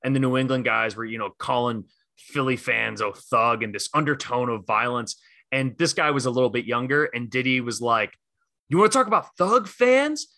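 A man's voice: medium pitch, fairly even intonation, moderate pace, creaky, bright, forceful tone, no echo. A man co-hosting a casual sports podcast, talking enthusiastically and rambling with fillers and restarts. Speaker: podcast co-host.

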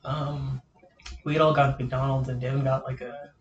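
A man's voice: medium pitch, flat delivery, normal speed, dull audio. A young man hosting a casual podcast, telling a rambling story with lots of fillers and laughs. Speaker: podcast host. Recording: echoey room with faint noise.

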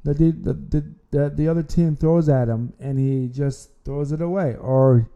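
A man's voice: on the high side, fairly even intonation, unhurried, clean tone, dull audio. A man hosting an amateur sports podcast, talking casually and rambling, often repeating words and restarting his sentences. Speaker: podcast host.

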